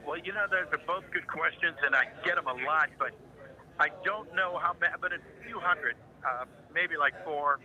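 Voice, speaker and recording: Bright, forceful older man telling stories. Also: a little high, moderate pace, highs cut off. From Ohio, United States. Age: 70s. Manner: jokey, anecdotal, animated raconteur. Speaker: guest voice actor. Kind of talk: casual interview storytelling.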